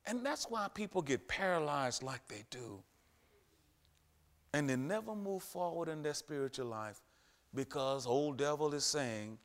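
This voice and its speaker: A man preaching a sermon, emphatic and repetitive, with sudden loud rises. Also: a little high, animated, measured pace.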